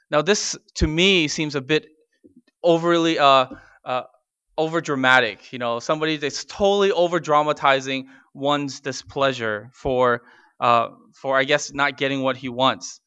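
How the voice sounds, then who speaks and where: A man preaching a sermon in a conversational way, with frequent fillers and restarts, and slowing down to stress key words. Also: fairly high pitch, a bit bright, smooth, no room sound. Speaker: pastor.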